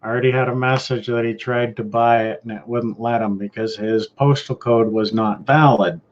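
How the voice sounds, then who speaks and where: A man's voice: mid-range voice, steady tone, moderate pace. A Canadian man hosting a casual live-stream chat, rambling and laid-back, trailing off and restarting his sentences. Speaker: host. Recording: dull lo-fi stream audio.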